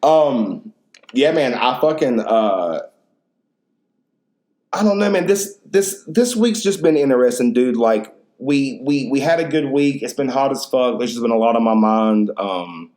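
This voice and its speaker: A man in his thirties talks alone into a podcast mic and wanders from story to story. He swears freely and leans on slang and filler, with a middle-pitched voice. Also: animated, unhurried, darkish tone. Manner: rambling, profane, slangy storytelling. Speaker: podcast host. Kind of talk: casual solo podcast monologue.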